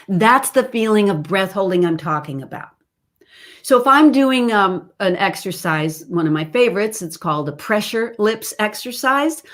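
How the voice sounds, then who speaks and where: A middle-aged woman teaching a livestream singing lesson, explaining in an animated way and breaking into sung demonstrations. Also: medium pitch.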